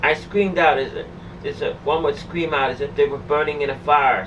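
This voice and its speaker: A woman's voice: deep voice, steady tone, fairly bright tone. Woman telling her own scary story, keeps restarting phrases, sounds far off and muffled, bit of background hum. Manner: halting, repeats and restarts phrases. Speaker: storyteller recounting a personal ordeal. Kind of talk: emotional first-person testimony. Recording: dull distant recording with faint hum.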